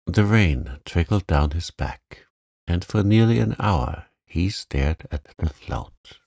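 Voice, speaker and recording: Man, very deep voice, slow gentle bedtime narration, dry close recording. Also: animated, gravelly, no echo. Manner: gentle, unhurried storytelling. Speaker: sleep story narrator. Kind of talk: calm bedtime story reading.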